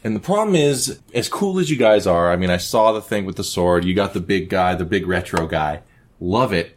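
A man's voice: deep voice, lively intonation, normal speed. A man voicing an overexcited, coked-out Roman emperor who rambles and gushes. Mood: manic chatter.

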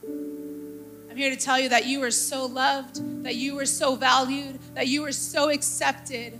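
A woman's voice: high voice, level tone, measured pace, over music. A young adult woman pastor preaching a sermon, passionate and rising to fervent exclaiming.

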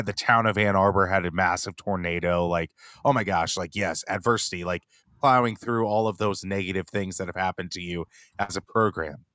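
A man co-hosting a sports podcast in heated casual chat, mocking and mimicking others in squeaky voices. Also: a bit bright, smooth, no room sound, clean studio sound. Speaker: podcast co-host.

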